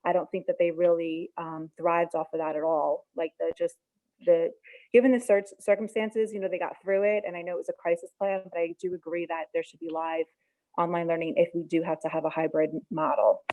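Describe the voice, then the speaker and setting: A woman's voice: on the low side, flat delivery, a little fast, mellow, poor audio. A woman speaking as a parent at a school board meeting, earnest, with fillers and restarts. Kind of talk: public comment on a call.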